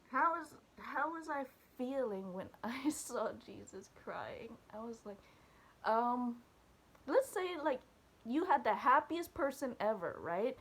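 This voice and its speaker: A woman casually recounting a dream to viewers, animated and chatty, with many fillers and restarts. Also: fairly high pitch. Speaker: church video speaker. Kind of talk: casual testimony about a dream.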